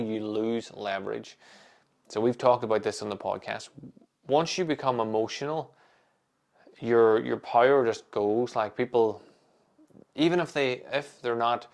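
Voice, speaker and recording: A man hosting a solo podcast, talking in a calm, measured way with thoughtful pauses. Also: mid-range voice. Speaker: podcast host.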